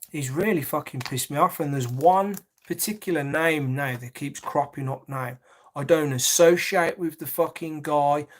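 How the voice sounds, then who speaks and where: A man telling a long personal story in an agitated, repetitive rant, swearing often. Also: fairly high pitch. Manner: agitated, swears heavily, repeats himself.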